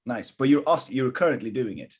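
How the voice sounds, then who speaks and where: Male online Mandarin tutor, husky, encouraging, bilingual English and Mandarin. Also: mid-range voice, animated, a little fast, darkish tone. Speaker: Chinese teacher. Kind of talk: live online language lesson.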